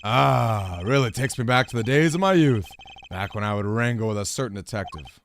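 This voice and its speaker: A man's voice: mid-range voice, animated, a little fast, slight background noise, voice pushed down, close to an everyday voice. A man voicing a sentimental old former chief prosecutor who talks in a tearful, fatherly, theatrical way, reading game dialogue aloud. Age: older.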